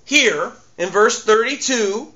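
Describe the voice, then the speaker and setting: Emphatic, bright-voiced male preacher. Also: sits high, lively intonation, slow pace, muffled recording. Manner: emphatic, repeats key phrases. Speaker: pastor. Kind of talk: sermon.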